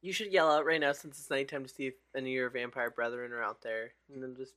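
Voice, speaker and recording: A woman's voice: very deep voice, fairly even intonation, fast, a bit bright. A woman co-hosting a casual podcast, playful and laughing often, trading jokes in a small studio. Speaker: podcast co-host. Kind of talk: casual chat.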